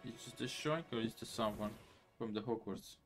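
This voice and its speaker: A man giving excitable live gameplay commentary in broken English, taunting the enemies he fights. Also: fairly low pitch, normal speed. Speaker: gameplay streamer. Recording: game music playing underneath. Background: game music.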